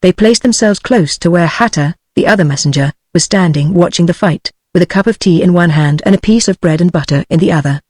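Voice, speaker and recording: Brief: text-to-speech storybook narrator, flat and even, dry recording. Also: mid-range voice, a little fast, few pauses, dry recording. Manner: flat synthetic reading. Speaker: audiobook narrator. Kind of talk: text-to-speech audiobook reading.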